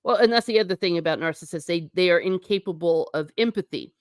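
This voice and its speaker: Talking quickly in a lowish voice, this woman hosts a casual livestream, going through viewer comments aloud and answering each one. She's chatty and emphatic, repeating for effect. The recording is dry and studio quality.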